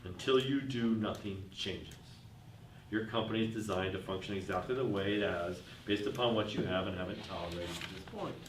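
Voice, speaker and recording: A man's voice: on the low side, brisk. Roomy, distant man telling stories. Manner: tells anecdotes and asks the audience questions. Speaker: business speaker. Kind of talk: workshop talk with told stories. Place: room with a live audience. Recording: roomy, far from the mic, faint noise.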